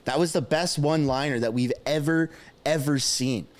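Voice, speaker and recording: A man commentating live on a stream, excitable, shouting and laughing as he reacts. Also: on the high side, normal speed.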